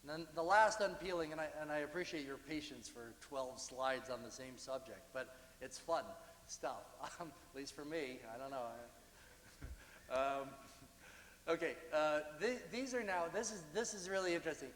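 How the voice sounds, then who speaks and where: A man giving a university lecture about slides, talking in a conversational, halting way with frequent restarts. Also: on the high side, fairly bright tone. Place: lecture hall. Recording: echoey hall, distant.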